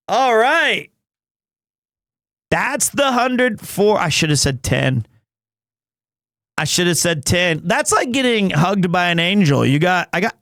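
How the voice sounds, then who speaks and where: Excitable high-voiced male streamer. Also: no room sound, studio quality. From United States. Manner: excitable, bursts into shouting and laughter. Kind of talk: casual live-stream chat.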